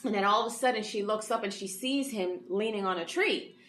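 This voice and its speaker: A woman's voice: medium pitch, fairly quick, fairly bright tone. Chatty woman recapping an episode. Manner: chatty retelling full of fillers. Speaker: anime reviewer. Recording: echoey room.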